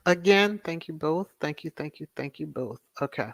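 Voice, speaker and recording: Livestream host, casual and soothing, mid pitch, dry close mic, repeats affirmations while reading comments. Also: steady tone, moderate pace, few pauses, clean tone, no room sound. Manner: reads viewer messages aloud and repeats thanks and affirmations.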